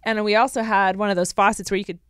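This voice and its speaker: A woman's voice: medium pitch, fairly even intonation, fast, fairly bright tone, clear, resonant tone, no room sound, studio quality. A young woman co-hosting a podcast, telling rambling stories in casual chat. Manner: chatty, rambling storyteller. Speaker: podcast co-host.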